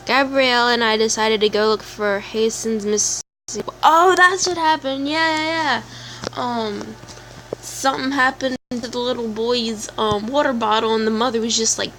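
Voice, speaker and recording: A woman's voice: on the high side, a bit bright. A woman playing a story game, reading its text aloud and chatting with giggly side comments. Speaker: let's play gamer.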